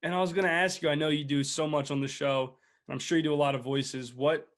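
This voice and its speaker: A man's voice: fairly high pitch, steady tone. Podcast host, man, easygoing interviewer, short encouraging replies. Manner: brief, encouraging replies and quick laughs. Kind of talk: casual interview.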